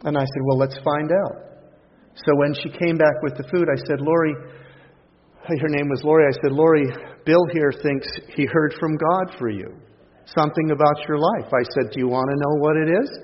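A man preaching a sermon, telling a story with lots of quoted dialogue in an animated way. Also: fairly high pitch, normal speed. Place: church hall. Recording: dull lo-fi recording with long hall reverb.

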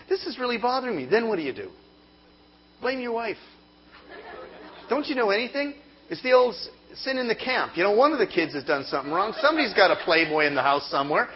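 A man preaches with a high, lively voice that swings up and down as he acts out comic inner voices. The recording is a little muffled, with a faint hum behind him. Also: brisk. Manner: animated, comic storytelling with mock inner voices. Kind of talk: sermon.

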